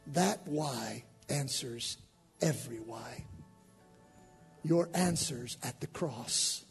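A male pastor preaching an impassioned sermon with an altar call, swinging from hushed lines to shouted ones. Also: medium pitch, slow, creaky, soft background music.

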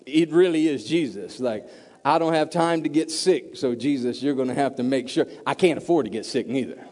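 A man preaching a sermon to a congregation, swinging from hushed asides to loud, emphatic build-ups. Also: mid-range voice, moderate pace. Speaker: pastor. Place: church sanctuary. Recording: long reverb of a large hall.

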